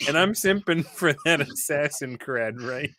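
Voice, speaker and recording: A man's voice: on the high side, unhurried, no echo, studio quality. A man telling stories about a tabletop game session in casual chat, laughing often and acting out quotes. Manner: animated storyteller, laughs often, acts out quotes. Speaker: podcast guest, former game player.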